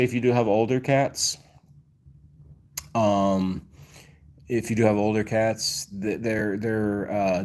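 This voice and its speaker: A man's voice: fairly low pitch, darkish tone. A man hosting a casual livestream, explaining things in a rambling way full of fillers and restarts. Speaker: cat channel host.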